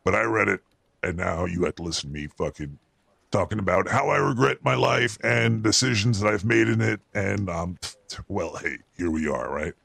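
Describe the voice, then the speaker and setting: A man's voice: low-pitched, moderate pace, fairly bright tone, dry recording, exaggerated voice. A man voicing a paranoid, foul-mouthed male cartoon rat who hosts a show and rants crudely and with exasperation about the news. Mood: ranting. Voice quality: gravelly. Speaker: show host. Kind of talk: comedic news rant.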